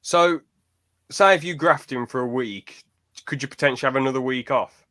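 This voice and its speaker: A man's voice: mid-range voice, moderate pace, bright, forceful tone. A young man hosting a podcast in casual chat, laughing often and joking crudely. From United Kingdom. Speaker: podcast host.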